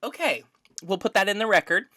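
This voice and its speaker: A woman's voice: medium pitch, lively intonation, brisk, sharp tone, no echo, clean studio sound. A woman playing a scatterbrained, unsure judge who runs a silly trial in an improvised comedy bit. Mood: flustered. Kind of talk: improvised comedy role-play.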